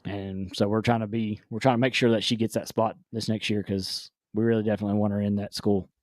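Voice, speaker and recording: A man's voice: on the low side, level tone, fast talker, dry recording, studio quality. A man hosting a casual live-stream chat, rambling with restarts and frequent laughs. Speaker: podcast host.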